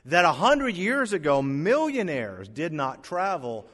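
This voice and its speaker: A male pastor preaching an emphatic sermon, rising to loud peaks and dropping to hushed lows. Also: very animated, a little slow, big-room sound.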